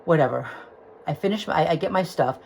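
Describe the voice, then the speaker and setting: Low-voiced agitated woman venting. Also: fast talker, vocal fry, a little mellow, slight background noise, rough recording. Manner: agitated, rambling with restarts and swearing. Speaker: vlogger. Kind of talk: venting personal story. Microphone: phone.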